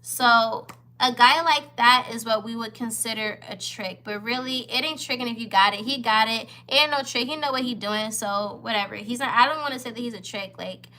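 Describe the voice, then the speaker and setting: A young woman in her twenties chats on camera in a casual storytime vlog. Her voice sits a little high and sounds bright and forceful. She talks candidly to her viewers and repeats herself for emphasis. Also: brisk. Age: 20s. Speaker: vlogger.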